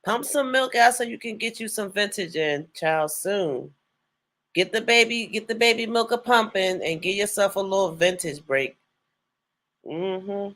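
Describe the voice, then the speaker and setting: Guy with a high voice, super casual and slangy, lots of mm-hmm. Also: a little slow, a bit bright. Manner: chatty, slangy, affirming with mm-hmms. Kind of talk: casual chat.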